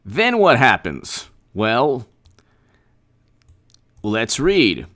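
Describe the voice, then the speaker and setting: A man hosting a casual political commentary livestream, animated and repetitive, often restarting his sentences and speaking straight to viewers. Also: mid-range voice, extremely slow. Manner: animated, repetitive, mock-quoting opponents, frequent restarts.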